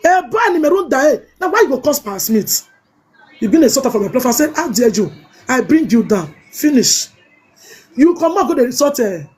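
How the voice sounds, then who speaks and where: A woman's voice: a little high, darkish tone, breathy edge. A Nigerian woman on a live stream, scolding and confronting someone in a heated rant. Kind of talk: ranting live-stream call-out.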